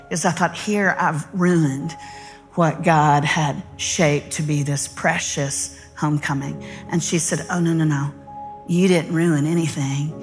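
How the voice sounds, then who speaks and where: A woman's voice: deep voice, fairly even intonation, a little slow, soft background music. A middle-aged woman, a Bible teacher telling a personal story in a sermon and quoting others in her own voice.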